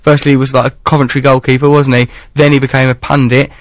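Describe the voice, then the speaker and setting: A man's voice: mid-range voice, little pitch movement, quick pace, dry recording. A man in his thirties hosting a radio show in a studio, chatting in a playful, rambling, theatrical way. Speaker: radio host. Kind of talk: casual radio chat. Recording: dry, slightly dull radio broadcast.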